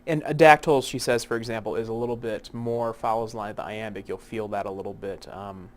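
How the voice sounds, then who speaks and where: A man teaching poetic meter in an unscripted lecture, with many fillers and restarts, slowing down to spell out terms. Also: on the low side, steady tone. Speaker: literature instructor. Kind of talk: recorded lecture.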